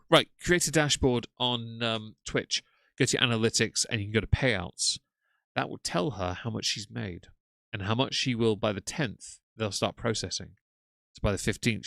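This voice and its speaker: A man's voice: lowish voice, creaky, fairly bright tone, no echo. A man giving sardonic, mocking live-stream commentary to his chat from a home desk microphone. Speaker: streamer reacting to clips. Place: home room.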